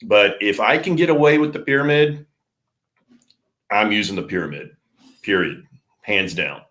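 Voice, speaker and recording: A middle-aged man, a surf fishing charter captain, explaining gear in a relaxed, practical way with plenty of fillers. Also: fairly low pitch, moderate pace. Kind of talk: casual podcast interview.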